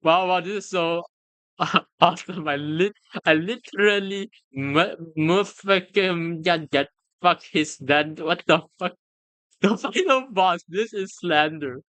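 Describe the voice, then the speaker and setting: An excitable streamer reacts live, laughing often and swearing freely, stammering and restarting whenever flustered. The voice has a medium pitch and slow pace, and the recording is dry and close with no echo or room sound.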